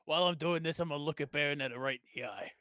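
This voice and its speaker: A man's voice: on the high side, racing, pushed and bright, smooth, no room sound. A man playing a tabletop role-playing game, talking in a casual, hesitant way. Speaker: player.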